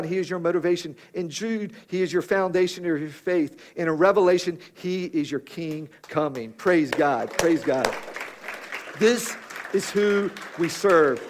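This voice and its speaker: Emphatic male preacher, fairly high voice. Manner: rhythmic, emphatic preaching with direct appeals to listeners. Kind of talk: sermon.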